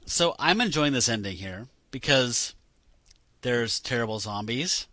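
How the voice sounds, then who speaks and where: Bright-voiced podcast host, dry mic. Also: male voice, mid-range voice, a little slow, no room sound. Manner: animated, rambling with fillers. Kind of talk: casual chat.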